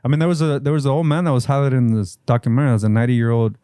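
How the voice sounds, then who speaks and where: A man speaking carries a long story in casual podcast talk. His voice is mellow and relaxed. The sound is dry and close, and his talk is loose and profane. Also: medium pitch, racing, smooth, no echo. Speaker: podcast co-host.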